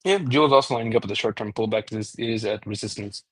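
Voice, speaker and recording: A crypto trading analyst talks through a chart casually in a lowish, husky voice at a fast pace. His speech is loose, with frequent restarts and the odd swear word.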